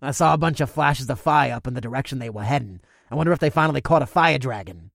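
Man doing a gravelly brutish orc warrior. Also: medium pitch, fast talker, a bit bright, dry recording, clean studio sound. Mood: gruff. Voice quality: gravelly, growling. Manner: boastful and crude.

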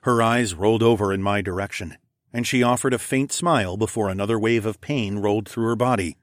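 Low-voiced male audiobook narrator. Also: no echo, clean studio sound. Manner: measured, steady storytelling. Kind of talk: first-person fiction narration.

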